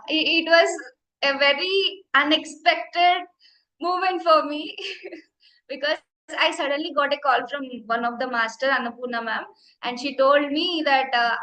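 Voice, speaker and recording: Young Indian woman with Telugu as her first language, meditation teacher, earnest testimony, high and bright, echoey room. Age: young adult. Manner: heartfelt, earnest storytelling. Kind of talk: personal testimony talk. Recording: roomy echo.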